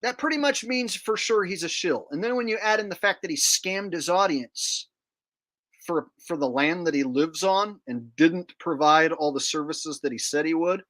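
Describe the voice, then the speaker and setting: A man's voice: fairly high pitch, moderate pace, a bit bright. A man hosting his own channel and giving a casual commentary rant in a sneering, boastful tone, swearing freely. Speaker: channel host.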